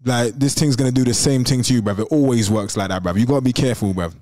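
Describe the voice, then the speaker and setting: A young man co-hosting a live call-in show, trading jokes in fast slang banter. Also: mid-range voice, a little mellow. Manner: fast, jokey, ends lines with "bruv". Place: studio.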